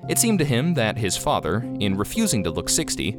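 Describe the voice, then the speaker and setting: Low-voiced man reading a story. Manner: expressive, measured storytelling. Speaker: podcast reader. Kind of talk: audiobook story narration. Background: guitar music.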